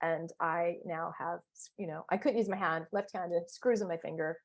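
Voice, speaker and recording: A woman coach telling stories in a casual interview chat, playful and animated, with big exclamations. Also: on the low side, moderate pace.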